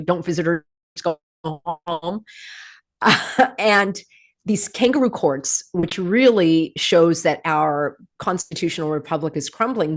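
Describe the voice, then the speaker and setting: Host: American woman, lowish voice, snarky and animated with viewers. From United States. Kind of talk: livestream monologue.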